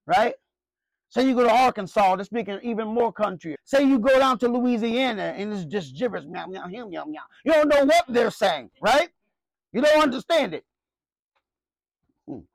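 A male pastor delivers a sermon, moving between scripture reading and emphatic, conversational explanation. His voice sits high and carries a gravelly edge. The sound is dry and close, with no room around it. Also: no echo, low-quality recording. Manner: emphatic, conversational preaching with repeated rhetorical questions.

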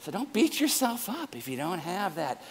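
A man's voice: high voice, sing-song, moderate pace, slightly rough. A middle-aged man preaching a sermon as pastor, playful and joking between points.

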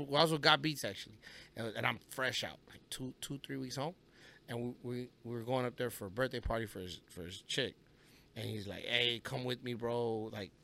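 A man's voice: medium pitch, a bit bright. A man, a rapper guest on a podcast, telling stories in a loose, profane way and acting out the people he quotes. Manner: storytelling, profane, acts out quoted voices. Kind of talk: casual podcast interview.

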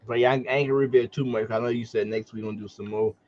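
A man's voice: fairly low pitch, fairly even intonation, rapid-fire. A man co-hosting a podcast in laid-back casual chat. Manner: laid-back, laughs a lot. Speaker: podcast co-host. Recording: dull lo-fi sound.

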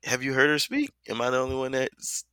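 A man's voice: medium pitch, sing-song, brisk, sharp tone, clean tone, dry recording. A man co-hosting a casual podcast, blunt and mocking in his opinions. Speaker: podcast co-host.

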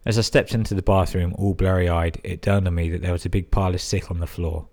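A man's voice: sits low, fairly even intonation, fast talker, a little mellow. A man hosting a podcast, reading out listener emails and breaking in with crude, amused asides. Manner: crude, sweary, amused interjections. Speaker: podcast host.

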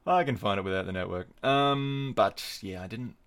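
Male podcast host, lower voice, dry jokey tangents while he runs through results. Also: moderate pace, fairly bright tone, clear, resonant tone. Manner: wry, digressive, jokey asides. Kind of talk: casual solo podcast commentary.

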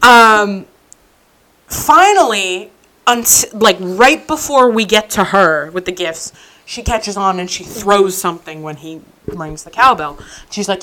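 A woman co-hosting a podcast in easy, casual conversation. She tells her stories in an animated way, her sentences threaded with "like" and "um." Laughter keeps slipping into her telling. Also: medium pitch, a little slow, slight background noise, low-quality recording. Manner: animated storyteller, frequent "like" and "um"; laughs through her anecdotes. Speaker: podcast co-host. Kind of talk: casual chat.

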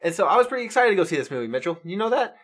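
A man in casual chat reviewing a movie, animated, swearing and acting out quick impressions. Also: high voice. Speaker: co-host.

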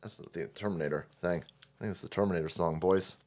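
A man hosting a livestream, delivering a loud, mocking, profanity-laden commentary rant. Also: low voice, fairly quick. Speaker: livestream host.

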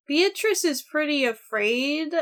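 Woman, high voice, podcast co-host, chatty, casual discussion. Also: animated, slow pace, fairly bright tone. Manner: chatty, retells scenes.

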